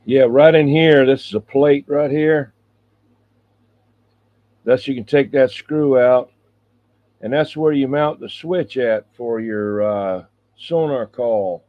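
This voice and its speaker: A man's voice: mid-range voice, slow pace, pauses often. A man chatting casually on the radio, explaining his old radio set in an easygoing way with filler words. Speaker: radio hobbyist. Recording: tinny radio transmission.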